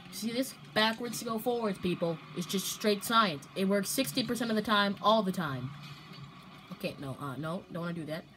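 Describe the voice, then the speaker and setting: A young woman commentating her own gameplay, playful and prone to loud outbursts and strings of repeated protests. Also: medium pitch, lively intonation, moderate pace, a little hiss or hum, poor audio. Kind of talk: excited gaming commentary.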